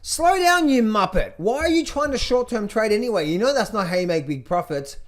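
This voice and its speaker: A middle-aged man coaching on trading, talking over charts in an energetic, playful way, chanting phrases in a sing-song repetition. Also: high voice, fast. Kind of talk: casual market commentary over charts.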